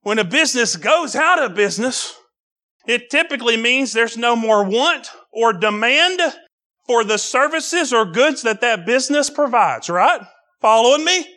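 A male preacher delivering a fiery revival sermon, rising to shouts and calling out to the congregation. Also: extremely high pitch, unhurried. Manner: builds to shouted excitement, calls out to the congregation.

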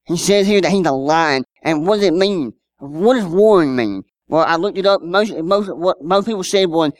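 A man's voice: high-pitched, expressive, normal speed, few pauses, dry recording, studio quality. A man, preaching a sermon in a conversational style with rhetorical questions and personal stories. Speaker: pastor.

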